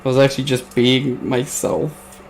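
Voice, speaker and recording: A man's voice: medium pitch, level tone, normal speed, a little hiss or hum, poor audio. A young man from the Midwest, hosting a casual podcast chat, rambling along with lots of swearing and laughter. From American Midwest. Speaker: podcast host.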